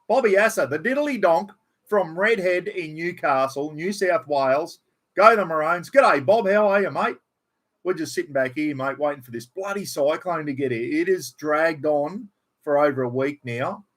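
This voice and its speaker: Man, Australian accent, casual livestream chat, slightly high voice, easygoing, swears a bit. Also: fairly bright tone. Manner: laid-back, swears casually, reads out viewer names. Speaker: livestream host. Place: at home indoors. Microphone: computer livestream.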